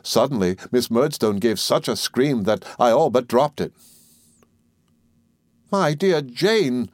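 Reading from a script, a male narrator delivers a classic novel as an audiobook at an even, measured pace. The mid-range voice comes through in a dry recording with clean studio sound.

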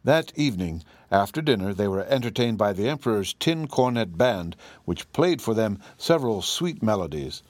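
A man narrating a storybook audiobook in a steady, plain storytelling manner. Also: lowish voice, normal speed, few pauses, dry recording.

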